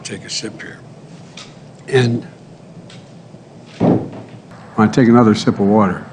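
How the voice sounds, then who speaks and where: A man in his eighties, a politician, speaking in public with a hoarse voice from a cold, coughing and clearing his throat often and apologizing between phrases. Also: on the low side, steady tone, moderate pace. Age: 80s. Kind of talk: public speeches and remarks. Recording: clips with clear background noise.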